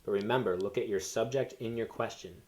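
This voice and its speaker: Male teacher, lowish voice, walks learners through grammar step by step, casual and unscripted. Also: brisk, a little mellow. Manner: explains step by step with fillers and self-corrections. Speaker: Spanish teacher. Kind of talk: recorded classroom lesson.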